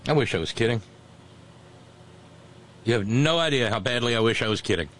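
A man's voice: medium pitch, lively intonation, brisk, a bit bright, slight background noise. A man hosting a talk show, giving sarcastic, mocking commentary and reading out listener messages.

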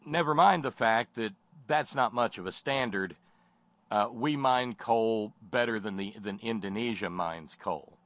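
A man's voice: lowish voice, a little slow, fairly bright tone, dry recording. A man giving sardonic spoken commentary, mocking and rambling with many fillers and false starts.

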